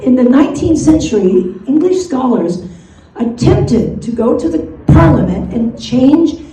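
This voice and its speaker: A woman's voice: sits high, big pitch swings, measured pace, warm tone, a little hiss or hum. An older woman, a retired teacher, doing stand-up comedy and laughing through her jokes. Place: comedy club stage. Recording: roomy live stage sound from a distance, audience audible.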